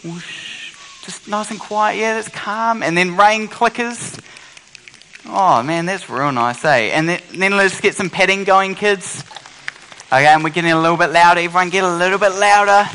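High, bright-voiced man leading kids. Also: slight background noise, rough recording. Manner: playful, encouraging, quick with praise. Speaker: children's church leader. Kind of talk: lively kids' talk with audience games.

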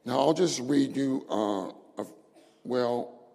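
A man preaching slowly with a gravelly edge, echoing phrases again and again for weight. His voice rings with long reverb in a meeting hall. He reads out scripture with rising force. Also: medium pitch, dark tone. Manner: slow, repeats phrases for emphasis, calls out scripture. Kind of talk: sermon.

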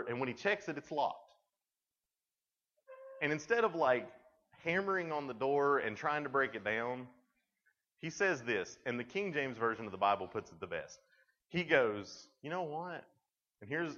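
A man giving a youth camp sermon, telling a story in a lively, conversational way and filling his talk with "like". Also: mid-range voice. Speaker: camp speaker. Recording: dull lo-fi recording.

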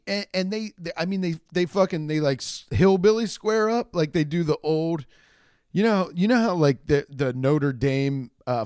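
A young man telling a rambling, profane comedic story, acting out the people in it with shouted quotes. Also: mid-range voice, clean tone, dry recording, studio quality.

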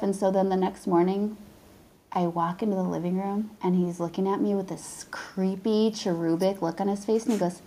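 A woman's voice: medium pitch, fairly quick, mellow, low-quality recording. A tired woman in her thirties, a podcast guest, telling profane, rambling stories full of acted quotes in casual chat.

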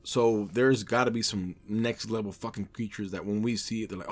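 A man's voice: on the low side, steady tone, moderate pace. A man hosting a podcast, talking in a casual, rambling, offhand way with heavy swearing. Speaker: podcast host.

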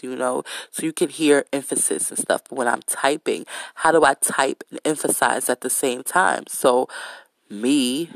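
A woman hosting a podcast, telling a story in a casual, blunt way with heavy swearing and lively retelling. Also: a bass voice, gravelly, no room sound. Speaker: podcast host.

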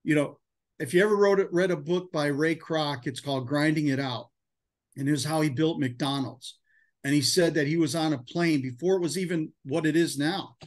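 A man's voice: on the high side, moderate pace. Fired-up man giving a team pep talk. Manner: emotional, hype-filled, casual with "man" and "dude". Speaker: insurance sales team leader. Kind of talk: motivational talk to a sales team.

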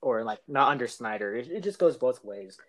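A young man in relaxed podcast banter, easygoing and unhurried. His voice sits at a middle pitch. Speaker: podcast co-host. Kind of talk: casual chat.

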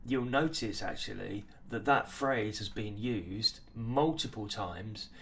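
A man giving a drama lesson, talking haltingly with many ums and restarts. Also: fairly low pitch, a bit bright, a little hiss or hum. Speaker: acting teacher.

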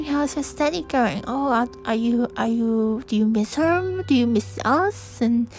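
A young woman from Hong Kong talks through a personal reflection in a soft, hesitant way, often stopping and restarting. Her voice sits a little high and she speaks slowly. Faint music plays underneath. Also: rough recording. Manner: soft-spoken, hesitant, with frequent restarts and fillers. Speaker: podcast host.

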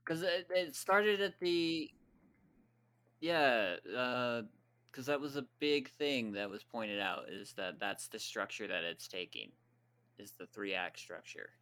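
A man's voice: medium pitch, pushed and bright. A man co-hosting a casual podcast chat in a playful, teasing way. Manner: playful, quick to laugh and tease. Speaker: podcast co-host.

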